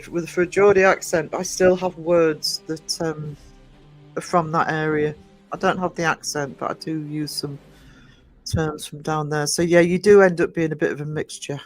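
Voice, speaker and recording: A middle-aged man from northern England hosts a livestream in a loose, rambling way. He laughs often as he reads the chat, and his voice sits a touch high. Soft music plays faintly behind him. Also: poor audio. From England, born in Nottingham, raised in Northumberland. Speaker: livestream host. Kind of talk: casual chat reading a live chat.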